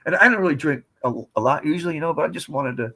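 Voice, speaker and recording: A man's voice: fairly high pitch, very fast, sharp tone. A man in his seventies from the United States, a podcast guest telling rambling, digressive stories in a casual way. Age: 70s. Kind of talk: casual storytelling.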